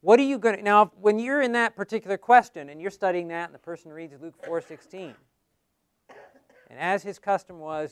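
Man teaching a Bible class, conversational, quizzes the class, high clear voice. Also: normal speed. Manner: conversational, asks the class questions.

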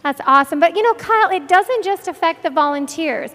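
Brief: very high-pitched woman, earnest and enthusiastic, hall reverb. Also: expressive, a little fast, a bit bright. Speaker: guest doctor. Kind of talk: conversational ministry testimony.

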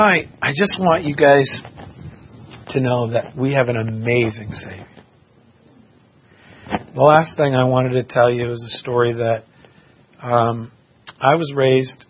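Male preacher, mid-pitched, earnest testimony; dull lo-fi recording with faint hiss. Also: measured pace, pauses often. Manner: earnest, impassioned storytelling. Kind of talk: sermon with personal testimony. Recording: muffled recording with faint background noise.

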